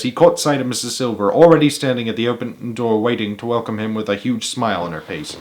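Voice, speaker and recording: A man narrates a children's book aloud. He reads in a lively, expressive storytelling manner at an ordinary male pitch. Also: fairly quick.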